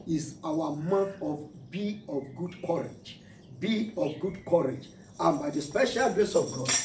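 A man's voice: high-pitched, a little mellow. A man preaching a sermon as pastor, declaring and repeating phrases for emphasis. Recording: echoey room, mic at a distance.

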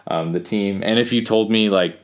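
A man's voice: fairly low pitch, normal speed. A man in his late twenties, a podcast co-host, rambling in casual chat with lots of fillers and frequent laughs.

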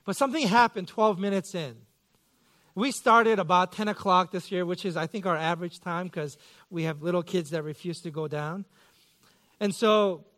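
A man in his thirties preaches to his congregation in a fairly high voice. He tells stories about himself with dry, self-mocking humor and bursts of playful mock outrage. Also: moderate pace, a bit bright. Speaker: pastor. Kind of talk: sermon.

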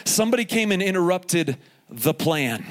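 A man in his forties preaching a sermon at a live event, telling stories with humor and lively asides. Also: high voice, moderate pace. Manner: animated storytelling with asides and humor. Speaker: pastor.

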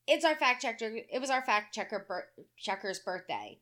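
High-voiced brash woman telling a story. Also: big pitch swings, moderate pace, bright, forceful tone. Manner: brash storyteller who curses freely and acts out quotes. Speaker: podcast co-host. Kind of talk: casual chat.

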